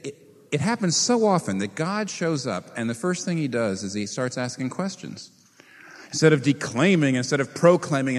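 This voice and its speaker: Lively preaching man in an echoing hall. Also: mid-range voice. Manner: animated preaching with rhetorical questions. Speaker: pastor. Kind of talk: sermon. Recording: reverberant hall.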